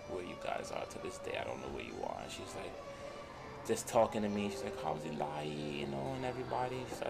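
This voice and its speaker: A man's voice: on the low side, gravelly. A man playing a heartbroken, estranged father who rambles and quotes the people he talks about, as in improvised film dialogue. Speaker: father telling his story. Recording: music playing under the voice.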